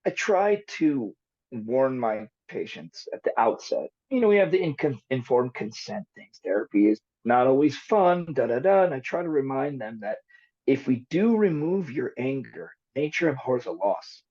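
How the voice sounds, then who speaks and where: Brief: husky-voiced male psychologist, lively and expressive, dull lo-fi podcast audio. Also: mid-range voice, normal speed. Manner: animated storytelling explainer. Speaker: psychologist guest. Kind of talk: podcast interview. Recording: dull lo-fi recording.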